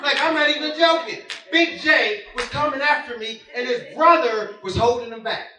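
Male preacher, high and bright, animated storyteller, distant echoey church hall. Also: moderate pace, background noise. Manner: animated storytelling, acts out voices, laughs often. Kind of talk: sermon with a personal story. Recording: roomy hall heard from afar.

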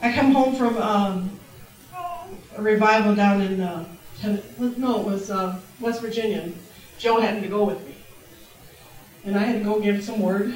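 A middle-aged woman preaching a testimony sermon in a church, exuberant and laughing, breaking into shouts of praise. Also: mid-range voice. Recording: very echoey church, distant mic.

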